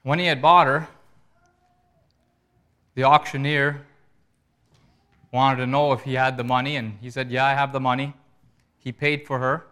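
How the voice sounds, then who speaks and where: A man's voice: medium pitch, fairly even intonation, unhurried, long pauses, sharp tone, clean tone. A man preaching a sermon, telling a story in an earnest way and making pleading appeals to his listeners.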